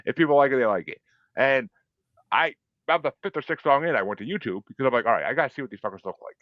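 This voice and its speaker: Cast: male podcast host, fast and lively, curses freely, dull dry sound. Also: medium pitch, dry recording. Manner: profane, animated storytelling with acted-out reactions. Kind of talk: casual chat.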